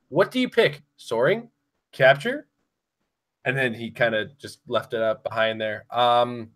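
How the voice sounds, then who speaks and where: Brief: male podcast host, a touch high-pitched, goofy and teasing. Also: fairly bright tone. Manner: playful teasing, laughs at his own jokes. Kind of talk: casual podcast chat.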